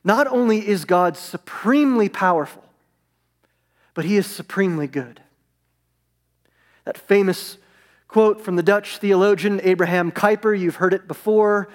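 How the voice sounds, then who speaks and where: A man preaching a sermon as pastor, emphatic, stressing words in slow phrases. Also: sits high, long reverb tail.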